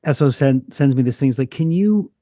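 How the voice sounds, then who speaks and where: Mellow rambling man host, dry sound. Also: medium pitch, animated, a little fast, no echo. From Canada. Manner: rambling storyteller, restarts sentences. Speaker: podcast host. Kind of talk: casual interview chat.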